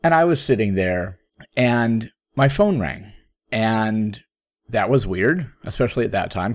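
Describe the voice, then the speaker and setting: A man in his thirties, a podcast host, telling a personal story in casual chat, with sudden jumps up in pitch when he quotes himself. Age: 30s.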